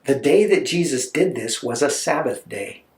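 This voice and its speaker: A man preaching a storytelling sermon, animated and conversational, with chatty asides. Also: medium pitch, moderate pace. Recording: roomy echo.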